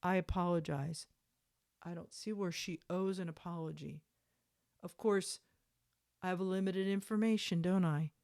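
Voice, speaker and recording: Sarcastic woman with a low voice. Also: fairly even intonation, moderate pace, dark tone. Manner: sarcastic, indignant asides. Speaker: commentator reading court documents. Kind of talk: reading messages aloud with commentary.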